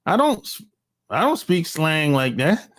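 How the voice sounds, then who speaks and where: A middle-aged man gives a blunt, unscripted opinion monologue, full of slang and swearing. He talks slowly and pauses often, sighing and restarting his sentences. His pitch sits a little high and swings widely. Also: big pitch swings, fairly bright tone. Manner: rambling, blunt, with slang and profanity; frequent sighs and restarts. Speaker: channel host.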